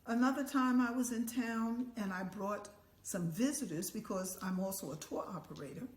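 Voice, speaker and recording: An older woman telling a story as an elder, lively and acting out the voices and chants of the people in it. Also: mid-range voice, normal speed, a little hiss or hum. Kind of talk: oral storytelling. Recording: echoey room with faint ambience.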